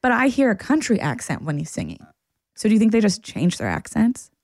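A woman's voice: medium pitch, huge pitch swings, brisk, darkish tone, dry recording, studio quality. A woman co-hosting a podcast in casual chat, musing thoughtfully and easily. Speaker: podcast co-host.

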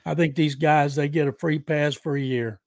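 A man's voice: a little high, steady tone, moderate pace, creaky, a little mellow, no echo. An older man co-hosting a sports podcast, giving dry, matter-of-fact takes on football. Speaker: football writer and co-host.

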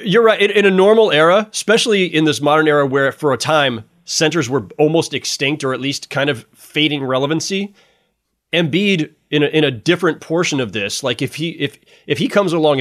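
Animated man, sportswriter guest. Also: a little high. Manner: animated, restarts often, laughs between points. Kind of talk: casual sports podcast chat.

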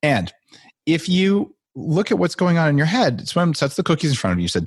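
A man's voice: fairly high pitch, very animated, a little fast, breathy edge, dry recording, studio quality. A man talking as a podcast guest, playfully acting out the voices in people's heads as he explains. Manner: playful, acts out inner voices. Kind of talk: animated interview talk.

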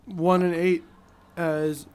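A man's voice: a little high, flat delivery, takes it slowly, darkish tone, clean tone. A man guesting on a podcast who talks in an easygoing, respectful way with casual slang.

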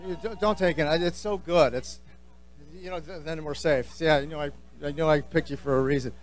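A middle-aged man with a New Jersey accent works a live stage as podcast host, his voice sitting high for a man. He talks in an animated, jokey, opinionated way. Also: brisk, soft background music. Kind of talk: live stage address to fans.

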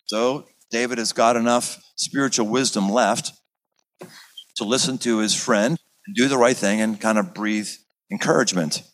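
Animated man giving a sermon. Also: medium pitch, low-quality recording. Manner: animated, dramatic, acts out scenes. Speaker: pastor. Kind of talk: sermon-style teaching.

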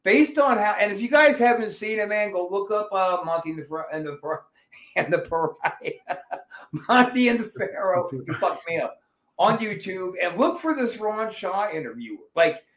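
A man with a notably high voice hosts a casual podcast, swearing freely and telling his stories with lively energy. His voice bounces around a roomy, echoey space. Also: normal speed. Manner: profane, animated storyteller. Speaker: podcast host.

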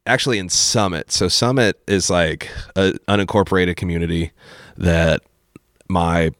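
A young man with a very low voice tells casual stories as a podcast guest. He acts out other people's lines and keeps saying "dude," and the sound is dry and close. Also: normal speed, dry recording. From Appalachian Kentucky. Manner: animated storyteller who acts out quotes, says dude a lot. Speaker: podcast guest, former high school teacher. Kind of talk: casual storytelling chat.

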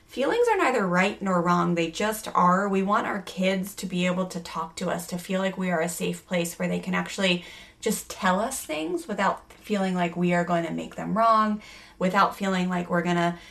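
A woman's voice: lowish voice, normal speed, vocal fry, fairly bright tone. A woman hosting a parenting course who laughs often and talks through lists of points with energy. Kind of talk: parenting lesson with role-play.

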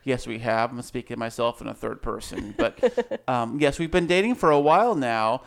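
A man's voice: mid-range voice, big pitch swings, normal speed, creaky. A man co-hosting a casual podcast, joking around and laughing often. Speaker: podcast co-host. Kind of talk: casual chat.

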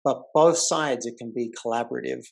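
A man's voice: medium pitch, a little fast, gravelly, breathy edge. A man hosting a podcast, telling a story in a casual way and acting out the voices of the people in it. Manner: animated storyteller, acts out quoted voices. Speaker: podcast host.

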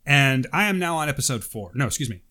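Jokey, animated male podcast co-host. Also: medium pitch, fast talker. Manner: animated, jokey, reads listener mail aloud. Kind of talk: casual podcast chat.

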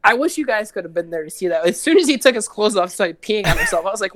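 A man's voice: high-pitched, animated, racing, few pauses, crowd noise. A man chatting as a guest musician on a casual podcast, rambling and swearing, with lots of "like". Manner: rambling, profane, heavy use of "like".

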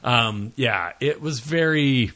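A man's voice: mid-range voice, animated, takes it slowly, a bit bright. A man co-hosting a casual pop culture podcast, rambling and self-deprecating with lots of fillers, and jet-lagged. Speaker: podcast co-host.

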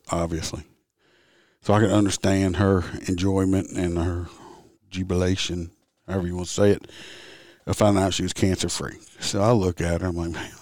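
A man's voice: sits low, a little mellow, no room sound, studio quality. A man who hosts a podcast and works as a traffic officer, telling stories in a casual, rambling, blunt way with the odd curse word. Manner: rambling, blunt, occasional swearing. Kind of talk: casual storytelling monologue.

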